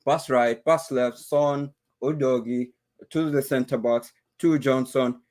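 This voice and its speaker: Calm, matter-of-fact man calling in. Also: mid-range voice, takes it slowly. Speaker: caller, rival football fan. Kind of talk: casual debate on a call.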